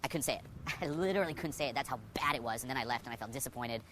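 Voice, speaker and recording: Fast, foul-mouthed young dating coach, male. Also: mid-range voice, pushed and bright, a little hiss or hum. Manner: profane, heavy on "you know" fillers. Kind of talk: candid personal story told to camera.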